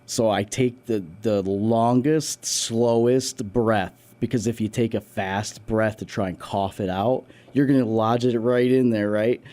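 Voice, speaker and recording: A man's voice: on the low side, steady tone, normal speed, few pauses, warm tone. A man co-hosting a community radio show, chatting casually and explaining things step by step. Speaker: co-host.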